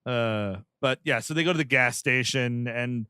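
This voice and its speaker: A man's voice: medium pitch, fairly even intonation, normal speed, pushed and bright, clean tone, dry recording, studio quality. A man co-hosting a comedy movie-review podcast, recapping scenes with many hesitations and acted-out quotes. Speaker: podcast co-host.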